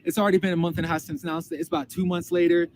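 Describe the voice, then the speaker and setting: A man's voice: high voice, fairly even intonation, very fast. A man telling a story casually, heated and profane, often repeating himself. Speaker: storyteller recounting a dispute. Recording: loud background noise.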